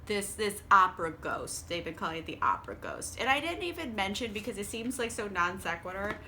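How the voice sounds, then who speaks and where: Tipsy, bright-voiced young woman. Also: medium pitch, big pitch swings, fairly quick, slight background noise. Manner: profane, rambling, laughs often. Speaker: book vlogger. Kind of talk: tipsy casual book recap.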